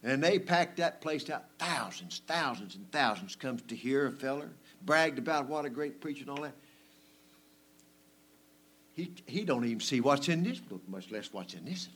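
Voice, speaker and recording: A male preacher, delivering a folksy, conversational sermon that swings between loud emphasis and hushed asides. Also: mid-range voice, lively intonation, normal speed, breathy edge.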